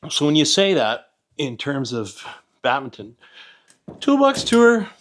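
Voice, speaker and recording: In this casual workshop vlog, a middle-aged home mechanic from Canada works under an old vehicle in his garage, muttering, rambling and poking fun at himself. His mid-range voice is expressive and fairly bright, his pace measured, and a camera set up nearby picks him up.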